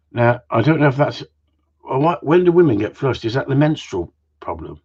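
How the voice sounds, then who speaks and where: A husky, darkish mid-range male voice with a sing-song lilt and moderate pace belongs to the host of a casual live Q and A. He rambles, cracks jokes, swears freely, and attaches tag questions to his remarks. Audio quality is muffled and lo-fi.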